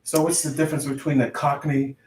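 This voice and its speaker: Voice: medium pitch, level tone, a little fast, darkish tone. A podcast co-host chatting casually and asking lots of curious questions. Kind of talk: casual chat. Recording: roomy, distant from the mic.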